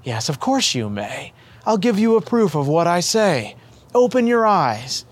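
A man voicing a gentle, affectionate young boy saint who speaks earnestly and kindly to an old friend. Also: high voice, very animated, measured pace, pitched above the performer's own voice, heavily acted.

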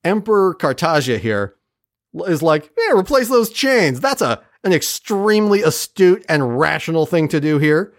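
Swear-happy podcast host retelling the plot, pitch jumping all over, dry close sound. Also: normal speed, no room sound. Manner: profane, animated retelling of plot. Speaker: podcast host recapping an episode. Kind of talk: casual chat.

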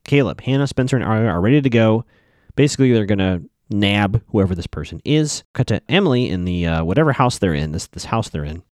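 A man's voice: on the low side, animated, quick pace, darkish tone, dry recording, clean studio sound. A man casually recapping a TV episode, chatting to viewers he calls folks.

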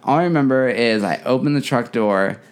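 A young man hosting a podcast, telling a story in casual chat, animated, acting out quotes and swearing freely. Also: medium pitch, fairly quick, smooth.

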